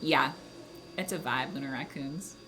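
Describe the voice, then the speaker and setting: A woman hosting a casual livestream from home, chatting with viewers in a giggly, animated way with casual swearing. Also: a bass voice, unhurried. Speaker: livestream host.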